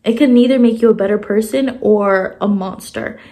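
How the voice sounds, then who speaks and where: A young woman chatting casually through a book review vlog, expressive and full of filler words. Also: medium pitch, normal speed. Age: young adult. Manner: chatty, expressive, lots of "like" fillers, animated emphasis. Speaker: book vlogger.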